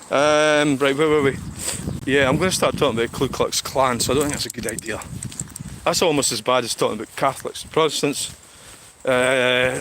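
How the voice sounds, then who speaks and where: A man's voice: fairly high pitch, fairly bright tone. A Scottish man streaming while he walks a town street, rambling and swearing as he answers viewers' comments. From Scotland. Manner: rambling, sweary, talks back to chat. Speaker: livestreamer. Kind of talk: casual walking livestream chat. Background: street traffic noise.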